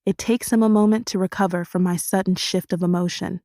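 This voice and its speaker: A woman reading a first-person audiobook in a steady, expressive storytelling manner. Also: on the low side, fairly quick, no echo, studio quality. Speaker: audiobook narrator.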